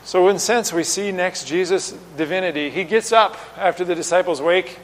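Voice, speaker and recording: A man preaching a sermon, explaining with lively rhetorical questions and acting out quoted lines. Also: high-pitched, normal speed, big-room sound, poor audio. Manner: animated teaching, voices rhetorical questions and acts out quotes.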